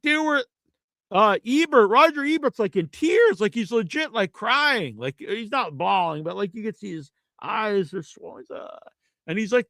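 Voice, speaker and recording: A man's voice: high-pitched, a bit bright, no echo. A man hosting a podcast, ranting in a casual, rambling and profane way. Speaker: podcast host. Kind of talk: casual rant.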